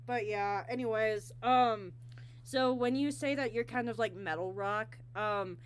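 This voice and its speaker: Woman stream host, slow and filler-heavy, giggly, slightly high voice. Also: smooth. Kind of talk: casual interview on a livestream.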